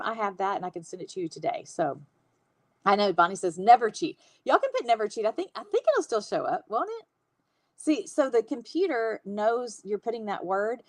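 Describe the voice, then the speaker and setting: A woman's voice: mid-range voice, no room sound. A woman, hosting a casual livestream on hand lettering and chatting with viewers. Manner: chatty, warm-hearted, laughs often.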